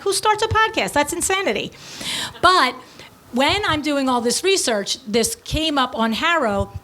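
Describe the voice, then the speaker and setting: A middle-aged woman with a high voice tells a story in a casual, animated way. She is blunt and breezy and throws in quick asides as she goes. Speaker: podcast host and business owner.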